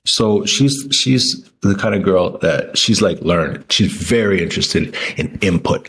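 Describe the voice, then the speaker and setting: A man's voice: low voice, moderate pace, few pauses, a bit bright, breathy edge. A man talking casually to camera in a rambling way, with many restarts and fillers. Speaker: vlogger.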